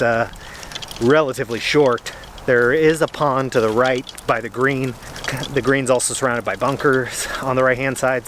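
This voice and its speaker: A man's voice: mid-range voice, a little hiss or hum. Chatty, winded man on a golf course. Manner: chatty, self-deprecating. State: slightly out of breath. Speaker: golf vlogger. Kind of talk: casual talk to camera while golfing. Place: outdoor golf course in cold weather.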